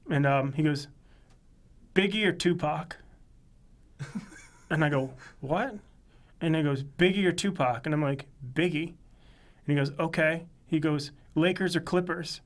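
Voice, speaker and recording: A man with a slightly higher-pitched voice tells a story in casual chat. His easygoing delivery leans on quoted dialogue and the odd laugh. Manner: laid-back storyteller who quotes people and laughs along.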